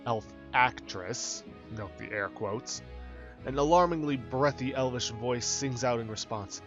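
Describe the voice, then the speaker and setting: A man's voice: medium pitch, unhurried, a bit bright, highs cut off, faint music behind. Wry man reading game text. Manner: wry, exasperated asides. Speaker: let's play host.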